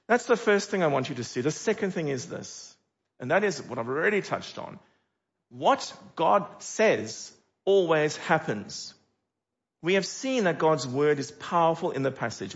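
A middle-aged male pastor delivers a sermon with a fairly high voice and lively rhetorical questions. The recording is slightly dull and lo-fi. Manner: animated, with dramatic rhetorical questions.

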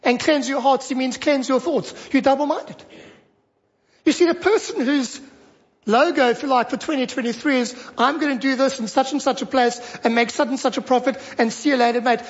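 A high-voiced preacher delivers a sermon with emphasis, hammering points home by repeating short phrases. The recording sounds dull and lo-fi. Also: brisk.

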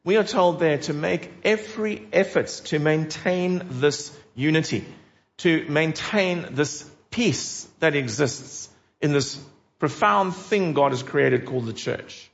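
This sermon comes from a man with a fairly high, gravelly voice who speaks slowly and with earnest emphasis, confronting his audience with pointed questions. The audio is lo-fi and dull.

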